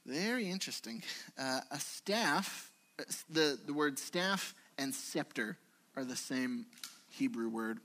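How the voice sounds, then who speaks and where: Speaking at a measured pace in a mid-range voice, a pastor delivers a conversational church sermon. His storytelling is animated, with quotes he acts out.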